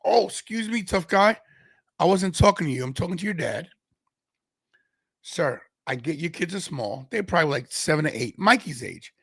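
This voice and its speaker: A man from Brooklyn, hosting a podcast and telling a story with lively dialogue. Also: fairly high pitch, gravelly, breathy edge, dry recording, studio quality. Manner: acts out other people's lines in quick voices. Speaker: podcast host.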